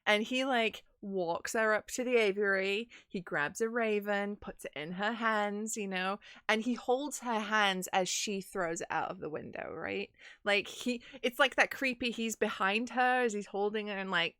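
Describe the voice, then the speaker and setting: A woman's voice: medium pitch, moderate pace, few pauses, fairly bright tone, smooth, no room sound, studio quality. A woman recapping her roleplaying game in casual chat, telling the story animatedly with lots of fillers.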